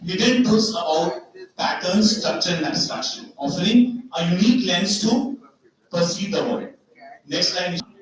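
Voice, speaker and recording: A man's voice: sits high, animated, moderate pace. A man giving a seminar lecture with slides, explaining step by step, repeating key words and asking rhetorical questions. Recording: very echoey hall, far from mic.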